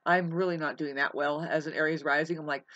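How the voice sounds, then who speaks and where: A woman's voice: sits low, fairly even intonation, brisk, heavy background noise. A woman talking through astrology in a casual, rambling monologue, emphatic, cursing now and then and calling her listener babe. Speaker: astrology vlogger. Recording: dull lo-fi sound.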